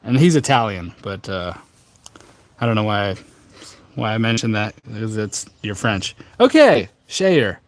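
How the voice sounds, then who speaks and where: A man's voice: lowish voice, very animated, measured pace, dry recording. A man hosting a casual tea livestream from a rooftop, talking in a rambling, chatty way full of fillers. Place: outdoor rooftop.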